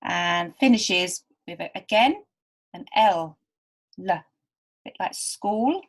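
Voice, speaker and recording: Slow, patient woman teaching beginners. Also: fairly low pitch, animated. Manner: patient, stretches and repeats words. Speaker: literacy teacher.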